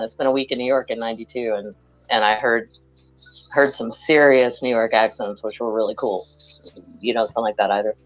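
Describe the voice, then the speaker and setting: A woman's voice: very deep voice, poor audio. A woman from Western Kentucky, a guest chatting casually on a video call and rambling with many restarts.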